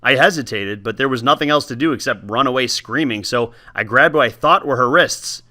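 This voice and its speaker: A man reading a novel aloud with lively, expressive storytelling, then talking casually about the book. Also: medium pitch, brisk. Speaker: teacher giving book talks.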